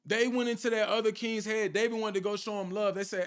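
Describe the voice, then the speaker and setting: A man's voice: high voice, brisk, hardly any pauses, fairly bright tone, clear, resonant tone. A man preaching an informal sermon with fervour, firing rhetorical questions at his listeners and repeating a question for emphasis.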